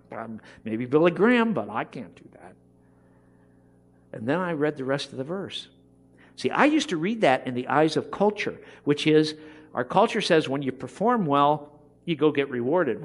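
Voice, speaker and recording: A middle-aged man preaching a sermon, impassioned and emphatic. He acts out the voices of people he quotes. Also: medium pitch.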